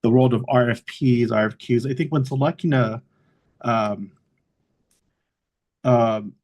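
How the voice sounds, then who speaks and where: A man's voice: medium pitch, measured pace, a little mellow. A man speaking as a councilmember, joining remotely by video call and talking hesitantly with fillers. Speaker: city councilmember. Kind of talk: council meeting remarks.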